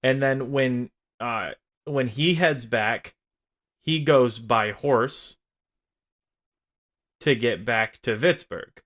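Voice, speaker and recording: A man in a relaxed film review chat who talks at an unhurried pace. He rambles, restarts his sentences and drops casual swears while picking apart plot logic. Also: medium pitch. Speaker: film podcast co-host.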